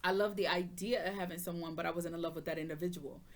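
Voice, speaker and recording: A woman's voice: on the low side, steady tone, quick pace. A woman giving a casual tarot reading, sassy and chatty, talking straight to the viewer in loose slang and asking if they understand. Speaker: tarot reader.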